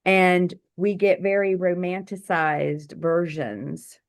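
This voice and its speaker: Low-pitched woman, doctor-healer guest, animated storyteller, video call. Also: slow pace. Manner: vivid, animated storytelling with acted quotes.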